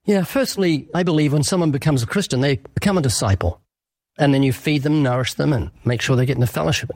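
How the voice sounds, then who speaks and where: A man preaches in an interview in an earnest, emphatic voice that sits a little high. He acts out quick exchanges to make his point. The recording is dry and close. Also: a little mellow, no room sound. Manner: earnest, emphatic, sermon-like with acted dialogue. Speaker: evangelist guest.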